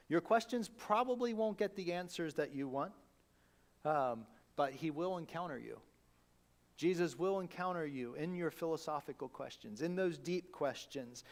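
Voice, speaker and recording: A man preaching a sermon as pastor, conversational and animated, acting out the people he quotes. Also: on the high side.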